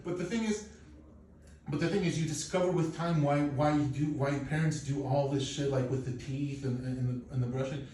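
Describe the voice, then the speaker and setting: A man in his thirties, originally from Poland, doing a stand-up set with animated, profane, self-mocking storytelling. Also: a little high, a little fast. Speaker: stand-up comedian. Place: comedy club. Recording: echoey club, distant mic, faint noise.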